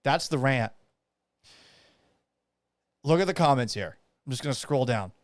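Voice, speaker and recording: A man hosting a radio-style talk show, ranting loudly and profanely with exasperation. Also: mid-range voice, animated, unhurried, slight background noise. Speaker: radio broadcaster and show host. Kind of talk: loud ranting commentary.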